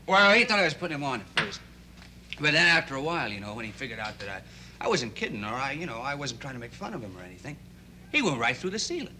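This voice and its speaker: A young actor playing an earnest, idealistic teenage boy in a 1960s TV drama. He talks in a halting, rambling way full of restarts. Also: medium pitch, sing-song, background noise, lightly acted.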